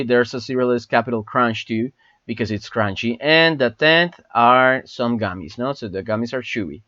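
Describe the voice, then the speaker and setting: A man whose first language is Spanish teaches an English class online, going over words and phrases slowly and repeating them. His voice sits at a middle pitch and comes across dry, with a slightly dull, lo-fi sound. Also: fairly bright tone, no echo.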